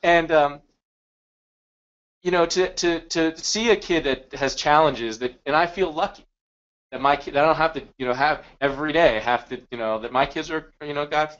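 Halting middle-aged man, slightly high voice. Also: fairly bright tone. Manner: halting, repeats words, heartfelt. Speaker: photographer, guest co-presenter. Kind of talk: conversational storytelling. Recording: dull lo-fi recording.

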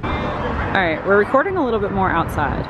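Excited woman filming a vlog on her phone outside, super bouncy pitch, lots of traffic noise. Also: moderate pace, lo-fi sound. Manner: giggly, easily amazed, chatty. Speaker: vlogger. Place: outdoors at a roadside attraction. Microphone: phone camera held in hand.

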